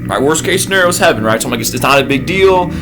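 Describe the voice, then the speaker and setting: Animated young man telling a story. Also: on the high side, very fast, background noise. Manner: animated, acts out his own panicked yelps and gasps. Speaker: vlogger. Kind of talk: casual storytelling.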